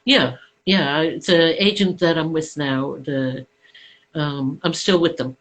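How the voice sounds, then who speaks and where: Relaxed, hesitant guest actor on a chat. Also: mid-range voice, measured pace, poor audio. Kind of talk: casual live chat.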